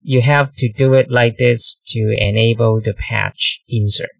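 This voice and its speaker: A man casually talking through his audio software settings in a screen-recorded demo, plainly and unhurriedly, with small self-corrections. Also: medium pitch, steady tone, measured pace, creaky, no echo, distant mic, low-quality recording. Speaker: tech tutorial maker.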